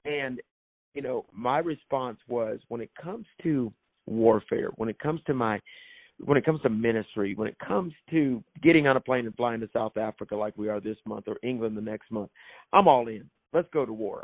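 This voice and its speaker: A man's voice: mid-range voice, normal speed. A man speaking as a guest with an emphatic, preacherly delivery, building his points by repeating phrases. His voice sits in an ordinary middle register. The sound is thin and phone-like, with no room echo at all. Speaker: author and minister. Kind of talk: guest telling a faith story in a preaching tone.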